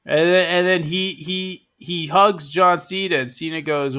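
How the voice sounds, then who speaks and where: A man co-hosting a casual podcast, enthusiastic and swearing, quick with jokes. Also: sits high, steady tone, sharp tone. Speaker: podcast co-host.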